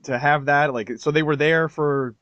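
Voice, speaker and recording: A man hosting a podcast interview, easygoing and quick to laugh. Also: on the high side, steady tone, dry recording. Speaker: podcast host. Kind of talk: casual interview chat. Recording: dry, dull lo-fi sound.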